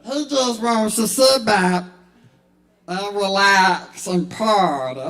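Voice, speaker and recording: A man's voice: sits high, slow, fairly bright tone. A man performing at a live open mic, introducing his character voices in a playful, loose way. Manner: playful, loose, laughing between bits.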